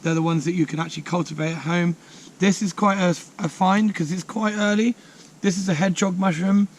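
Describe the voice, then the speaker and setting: Man, forager, fairly high voice, enthusiastic, chatty outdoors. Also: fairly even intonation, brisk. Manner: enthusiastic, chatty, many fillers. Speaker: mushroom forager and course teacher. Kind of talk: casual outdoor explanation. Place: outdoors in woodland.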